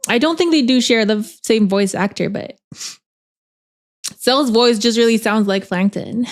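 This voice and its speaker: A woman's voice: a little high, unhurried. A woman streamer in casual chat, rambling and chatty, laughing often with lots of filler words.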